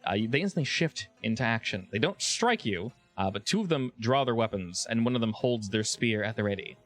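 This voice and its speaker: A man narrating as game master of a tabletop game, relaxed and a bit hesitant. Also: lowish voice, brisk, faint music behind.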